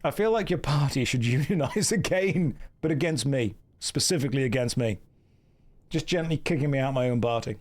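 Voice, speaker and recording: A man's voice: mid-range voice, expressive, fairly quick, darkish tone. An English man in his thirties chatting and joking with viewers while streaming a game. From England. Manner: joking, riffing, slips into mock accents. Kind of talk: live stream chat while gaming.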